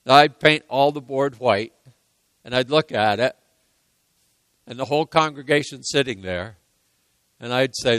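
A man preaching a sermon, repeating key lines for emphasis and moving between hushed and loud passages. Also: medium pitch, a little slow, pauses often, no room sound. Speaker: pastor.

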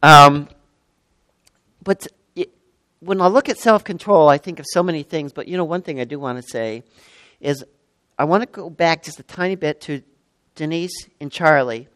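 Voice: mid-range voice, brisk, no echo. A preacher in their sixties delivering a sermon, stressing and repeating key words with frequent exclamations. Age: 60s.

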